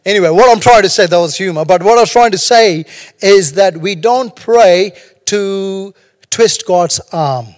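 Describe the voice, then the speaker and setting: A man's voice: high voice, unhurried, in a large hall. A man preaching a sermon as pastor, talking conversationally and joking between stories. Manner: humorous, conversational preaching with storytelling asides.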